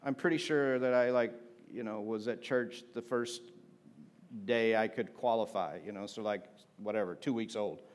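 A man's voice: fairly low pitch, moderate pace. A man preaching a sermon in a conversational, humorous way, often asking the congregation for an amen. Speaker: pastor.

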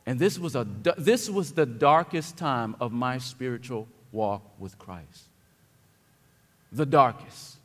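A man preaching a sermon as pastor, dropping to quiet reflection and then building to loud, emphatic declarations. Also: medium pitch, lively intonation, slow. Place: church sanctuary. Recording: long hall reverb.

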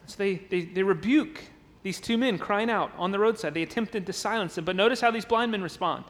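High-voiced man preaching in an echoing church. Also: a little fast, a bit bright. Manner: emphatic preaching, acts out crowd voices, repeats words. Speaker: pastor. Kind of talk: sermon. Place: church sanctuary.

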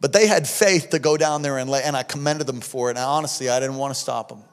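A middle-aged male pastor preaching a sermon, telling stories emphatically and swinging from hushed tones to shouts. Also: medium pitch, quick pace, smooth. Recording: long hall reverb.

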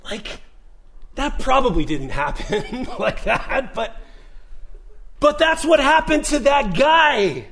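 A man preaching a sermon in a casual, animated storytelling manner, acting out the voices of the people in his story. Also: extremely high pitch, takes it slowly, gravelly. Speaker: pastor.

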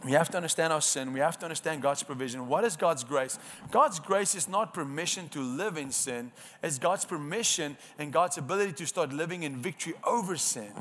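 A man's voice: a little high, fairly bright tone. A man preaching a sermon, earnest and emphatic, asking the congregation rhetorical questions and often restarting his words.

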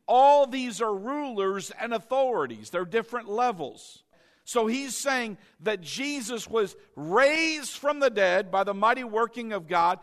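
A man preaching a sermon, reading scripture slowly and having the congregation repeat his phrases back to him. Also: sits high, a bit bright. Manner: reads scripture slowly and emphatically. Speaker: pastor.

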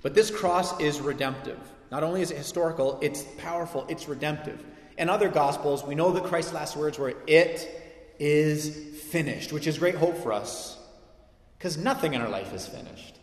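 A man's voice: on the high side, fairly quick. A man preaching a sermon, conversational and then building to emphatic peaks. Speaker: pastor. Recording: echoey hall with long reverb.

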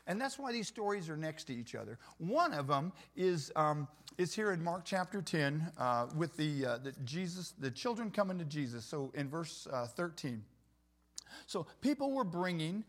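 A man's voice: on the high side, fairly bright tone. A middle-aged man preaching a sermon in a church, talking conversationally and asking the congregation for responses. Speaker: pastor.

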